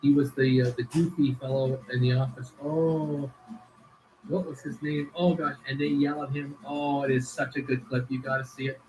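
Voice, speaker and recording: A man's voice: medium pitch, flat delivery, normal speed, a little mellow, slight background noise, poor audio. A man hosting a casual livestream who rambles with many fillers and restarts while reading viewer comments aloud. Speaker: livestream host.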